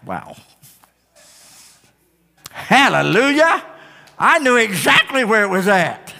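A man's voice: high voice, huge pitch swings, moderate pace, sharp tone, long reverb tail. A man preaching a sermon, telling folksy stories and building to fervent, repetitive declarations.

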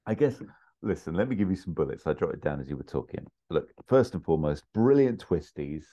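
Brief: very low-voiced man, enthusiastic and laughing, casual swearing, slightly muffled audio. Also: big pitch swings, brisk, mellow. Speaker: podcast co-host giving feedback. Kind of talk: casual podcast chat.

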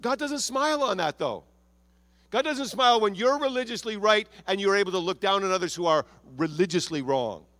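A man preaching a sermon as pastor of a church, animated and acting out prayers and quotes in his own voice. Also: high-pitched, no echo.

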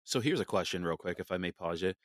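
A man hosting a podcast, cutting in with quick questions and short agreements. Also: sits low, lively intonation, no room sound, clean studio sound. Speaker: podcast host. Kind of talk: casual interview chat.

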